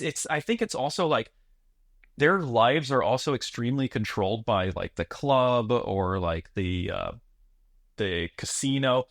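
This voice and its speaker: A man's voice: fairly high pitch, fairly bright tone, dry recording. A man with a slightly raised voice, recorded dry and close with no room sound. As a podcast co-host he argues earnestly and rambles, starting sentences over and over and dropping casual swears. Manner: earnest, rambling, restarts often, profane. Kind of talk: casual movie review chat.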